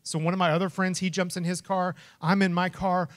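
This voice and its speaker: A middle-aged man preaching a sermon as a lively storyteller, acting out voices and shouting names. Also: sits high, brisk. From Texas. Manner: animated storyteller, acts out quotes and shouts. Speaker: pastor.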